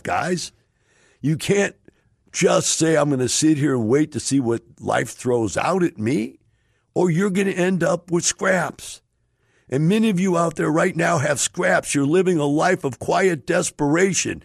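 A man's voice: on the high side, gravelly, husky, no echo, clean studio sound. A man hosting a show, telling a folksy story and urging listeners emphatically to take responsibility. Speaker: host. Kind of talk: motivational storytelling talk.

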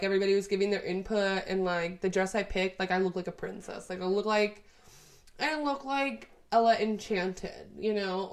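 A woman in her twenties from Texas, chatting casually to her camera in a rambling, sweary way, full of "like". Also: medium pitch. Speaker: vlogger.

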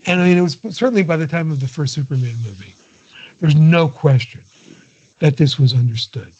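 A man's voice: fairly high pitch, fairly quick, darkish tone, husky. An older man, a guest in a casual interview, talking in a digressive way with many restarts and chuckles. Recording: dull lo-fi audio.

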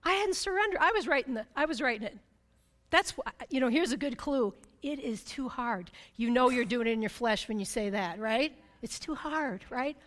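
Her voice pitched high and echoing with long reverb from a large hall, a woman delivers a sermon built around a personal story, a little fast and with lively intonation. She checks in again and again with "right?" while alternating emphatic, loud moments with quiet, intense ones.

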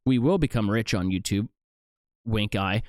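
A man hosting a podcast in casual chat, animated and full of restarts and "like"s. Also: fairly low pitch, moderate pace, no echo, clean studio sound. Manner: animated, stumbling restarts and many "like"s. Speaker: podcast host.

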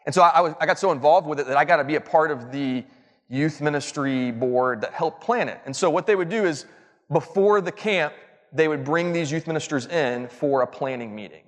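A Southern US man with a slightly high, brisk voice gives a church lesson in an auditorium. His sermon is built on chatty, self-mocking stories that rise to emphatic points, and the recording carries a large hall's long reverb.

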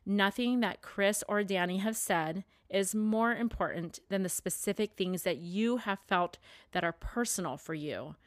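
A woman's voice: mid-range voice, measured pace, no echo, clean studio sound. A woman hosting a podcast, giving a grateful, heartfelt sign-off to listeners. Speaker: podcast host. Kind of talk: podcast outro.

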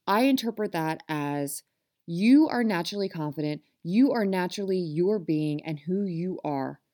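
A woman's voice: medium pitch, warm tone. A woman with an ordinary mid-range voice delivers a motivational self-help talk. She speaks straight to her listeners, earnest and passionate. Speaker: self-help podcast host.

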